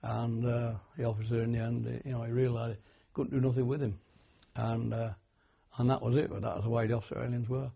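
An older man from Britain recalls his army days in an oral history interview, speaking haltingly with many fillers and restarts. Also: mid-range voice, little pitch movement. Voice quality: gravelly and raspy. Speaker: war veteran interviewee. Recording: dull lo-fi archival tape.

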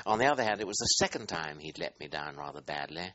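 An older man recalling his wartime squadron in an interview, halting and searching for words. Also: sits low, fairly bright tone, highs cut off. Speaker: interviewee, former squadron commander. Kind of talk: oral history interview.

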